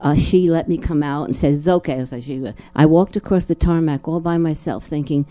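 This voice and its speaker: A woman's voice: low-pitched, steady tone, brisk, mellow. An older woman from New Jersey, a guest actress in a live Q&A, telling a personal story in a rambling way with many restarts and repeated words. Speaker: guest actress at a film screening talk.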